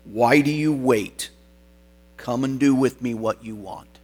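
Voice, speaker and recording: A man voicing a calm, unshakable old bishop. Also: medium pitch, slow. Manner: clear, firm, solemn. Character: aged male bishop facing death, calm and unshakable.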